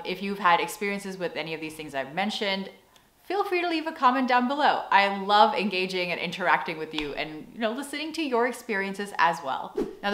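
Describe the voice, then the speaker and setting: A young American woman talking casually to camera in a vlog, chatty and animated, with playful acted-out asides. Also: lowish voice, echoey room. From United States. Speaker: vlogger.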